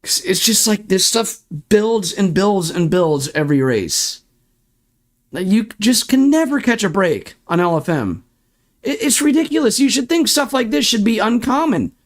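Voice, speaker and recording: A man's voice: sits high, big pitch swings, normal speed. A young man streaming sim racing, ranting in frustration and swearing while walking through replay footage. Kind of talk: ranting livestream commentary.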